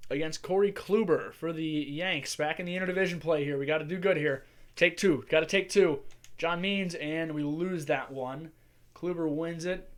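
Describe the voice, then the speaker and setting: Casting: man, slightly high voice, casual chatty gameplay commentator thinking out loud. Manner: chatty, musing aloud while playing. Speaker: gaming channel host.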